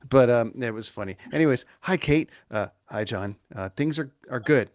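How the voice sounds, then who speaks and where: A man's voice: medium pitch, expressive, moderate pace, hardly any pauses, dry recording, studio quality. A man from small-town Ontario hosting an interview podcast. He rambles in a casual way with lots of fillers and restarts. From small-town Ontario, Canada. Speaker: podcast host.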